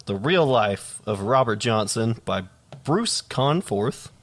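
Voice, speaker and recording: A man's voice: mid-range voice, animated, takes it slowly. A man co-hosting a comedy podcast, teasing dryly and swearing. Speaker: podcast co-host. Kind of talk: casual comedic podcast banter.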